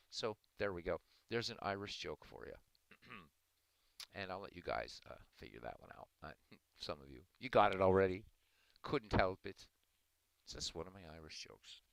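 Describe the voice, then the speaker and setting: Deep, gravelly man hosting a livestream. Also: normal speed, dry recording, low-quality recording. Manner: relaxed, rambling, chuckling asides. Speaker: livestream host. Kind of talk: casual livestream chat.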